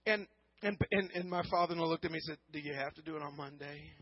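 A man preaching a sermon, telling a personal story earnestly, often repeating words and swinging from hushed to loud. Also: on the high side, quick pace, slightly rough, no room sound, highs cut off. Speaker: pastor.

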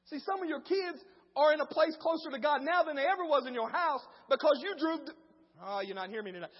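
A male pastor preaching a sermon, moving between quiet storytelling and shouted preaching in casual speech. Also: very high-pitched, lively intonation, quick pace, long reverb tail, lo-fi sound. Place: church.

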